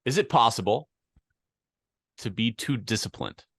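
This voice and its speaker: A man's voice: medium pitch, animated, unhurried, a bit bright, slightly rough, no room sound, clean studio sound. A man co-hosting a sports podcast, chatting casually with joking, wry asides. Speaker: podcast co-host. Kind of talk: casual chat.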